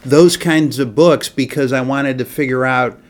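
A man's voice: medium pitch, unhurried. A man hosting a casual faith conversation, talking animatedly and rambling with frequent restarts.

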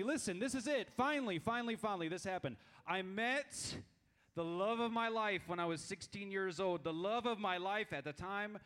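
A man in his thirties telling funny stories to a youth group, animated and self-mocking, with many stammered restarts. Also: high voice. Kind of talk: lively storytelling talk to a youth group.

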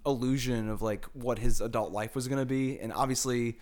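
A man's voice: mid-range voice, steady tone, a little fast, a little mellow. American man musing over a film. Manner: thoughtful, many "like" fillers. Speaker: podcast co-host. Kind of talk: casual film discussion.

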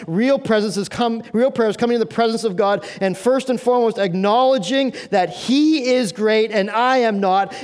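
A man's voice: high voice, darkish tone. A male pastor preaching a sermon in an earnest, conversational way, asking the congregation questions.

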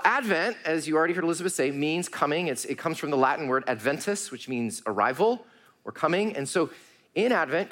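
A man preaching a sermon. His voice is fairly high for a man and very lively in pitch. He swings between raised, pleading lines and hushed, low passages, and speaks to his listeners as friends. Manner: addresses congregation warmly as friends, uses y'all. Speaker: pastor.

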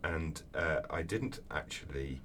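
Very deep-voiced man, distant mic. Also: slow pace. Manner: animated storyteller, acts out voices in anecdotes. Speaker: author guest. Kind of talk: interview answers. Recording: distant mic with faint background noise.

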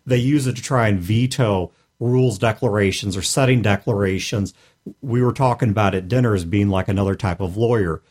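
Husky-voiced man in casual podcast chat. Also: fairly low pitch, a little fast, darkish tone. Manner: joking, wry asides, acts out quoted players. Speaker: podcast co-host. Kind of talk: casual roundtable chat about tabletop gaming.

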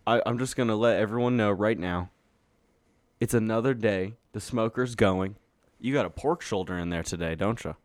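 A man's voice: fairly low pitch, moderate pace, no room sound. A young adult man co-hosting a podcast in casual chat, rambling with fillers and restarts. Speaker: podcast co-host.

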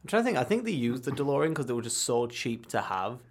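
A man's voice: medium pitch, big pitch swings, fast. A man co-hosting a casual comedic chat, joking around and acting out silly voices of others in his stories. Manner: jokey, acts out silly voices of others in anecdotes. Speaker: podcast co-host.

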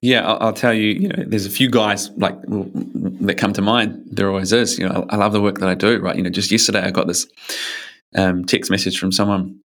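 A man's voice: fairly low pitch, fairly even intonation, brisk, fairly bright tone. A man who coaches men, speaking in a casual interview with a rambling, loose manner, many fillers and casual swearing. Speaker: men's coach.

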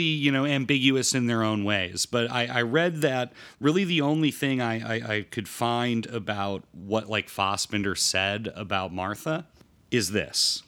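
A man hosting a casual film podcast, recapping plots in a halting way with many fillers. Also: medium pitch, fairly bright tone. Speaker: podcast host.

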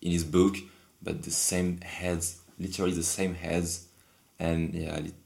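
Homem de voz muito grave e rouca, contando uma história de forma hesitante e divagante. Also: male voice, low-pitched, flat delivery, unhurried, vocal fry, darkish tone. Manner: rambling, hesitant, full of repeats. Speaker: guest. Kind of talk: casual storytelling.

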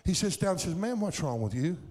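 Middle-aged man, preacher, sermon storytelling, rising fervor, slightly high voice. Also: sing-song, a little fast, darkish tone. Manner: storytelling, building to fervent exhortation.

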